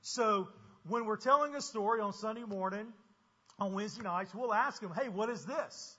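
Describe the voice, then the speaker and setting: A man's voice: high-pitched, normal speed, sharp tone. A man leading preschool ministry, giving an earnest and emphatic church presentation to the congregation. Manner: earnest, emphatic, asks the room for agreement. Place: church sanctuary. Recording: dull sound with long hall reverb.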